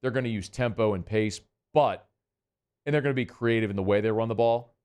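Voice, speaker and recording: A man's voice: on the low side, brisk, a little mellow, clear, resonant tone. A middle-aged man hosting a sports talk radio show, chatting in a folksy way straight to his listeners.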